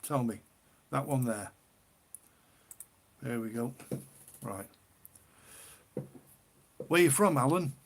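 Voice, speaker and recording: This livestream host, a northern English man, speaks slowly at a medium pitch with lively intonation, a creaky quality and frequent pauses. He keeps things casual, chatting with viewers, reading comments aloud and laughing often.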